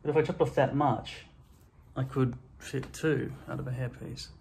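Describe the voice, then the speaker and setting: Man, worn out and short on sleep, mid-pitched, profane self-deprecating vlog rant into a phone. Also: fairly even intonation, moderate pace, a little mellow, a little hiss or hum, rough recording. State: exhausted and sleep-deprived. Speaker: vlogger. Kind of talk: rambling self-recorded rant.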